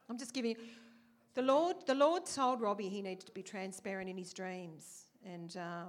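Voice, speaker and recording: A woman's voice: medium pitch, moderate pace. A woman preaching a conversational sermon, telling stories and asking the congregation questions. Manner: chatty, asks the congregation questions, acts out quotes.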